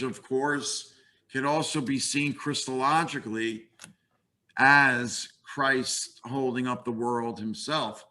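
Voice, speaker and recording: An older man in his sixties giving a webinar lecture on comics, relaxed and conversational, with wry asides. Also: mid-range voice.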